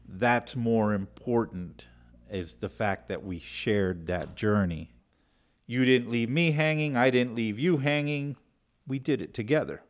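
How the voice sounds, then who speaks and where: Man, lowish gravelly voice, thoughtful interview guest who restarts phrases. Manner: warm-hearted, thoughtful, repeats words. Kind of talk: reflective conversation.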